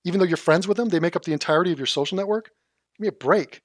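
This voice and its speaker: A man's voice: sits high, very fast, dry recording, clean studio sound. A man streaming live, mocking a video he reacts to with sarcastic, profane commentary.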